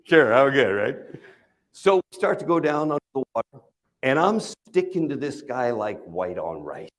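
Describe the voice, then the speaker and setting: A man's voice: mid-range voice, moderate pace. A man telling a funny personal story to a live conference audience, often asking the crowd questions. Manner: animated, asks the audience questions, jokes. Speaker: keynote speaker. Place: conference stage.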